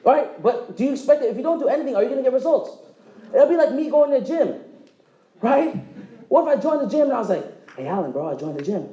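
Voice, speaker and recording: A man with a high, bouncy voice pitches a business to a live crowd, cracking jokes and firing questions at the room. His tone is mellow and dark-edged rather than sharp. The sound is echoey, as in a meeting room. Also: expressive, highs cut off. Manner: joking, quizzes the audience, acts out quick dialogues. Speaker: presenter at a direct-sales meeting. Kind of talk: motivational sales presentation.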